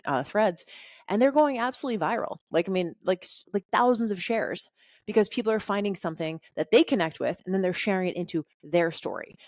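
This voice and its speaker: A woman's voice: medium pitch, a little mellow, no echo. Chatty woman podcast host with a dry, close sound. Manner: chatty and candid, with frequent "like" fillers and casual swearing. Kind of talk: solo podcast talk, casual and conversational.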